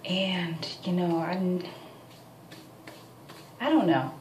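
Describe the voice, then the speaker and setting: A woman's voice: on the low side, very slow, darkish tone, far from the mic. A tired young woman in her twenties venting to camera at home late at night, chatty and full of fillers. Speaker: vlogger. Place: at home, indoors. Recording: echoey room, off-mic, faint background noise.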